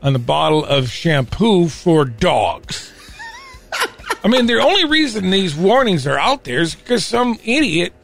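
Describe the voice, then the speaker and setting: A man in his forties hosts a casual comedy radio show with a slightly high voice that swoops up and down. He jokes, laughs at his own puns and rolls along in easy banter, with faint music behind him. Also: sing-song, a little slow, gravelly, a bit bright. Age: 40s.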